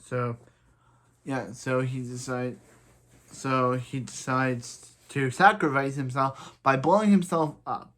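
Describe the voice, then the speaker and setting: A man's voice: medium pitch, fairly even intonation, slow pace, a bit bright. A young man casually reviewing a TV episode, rambling with lots of filler words and sounding exasperated at the characters.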